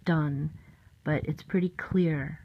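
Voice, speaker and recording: A woman's voice: low-pitched, steady tone, slow, no echo. A woman vlogger giving a matter-of-fact explanatory voice-over. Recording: dull lo-fi audio.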